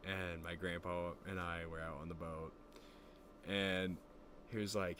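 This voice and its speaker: A man's voice: low-pitched, level tone, unhurried, fairly bright tone, a little hiss or hum. A man in his twenties telling stories in casual, profane stream chat. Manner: loose, profane storytelling, often does quoted voices.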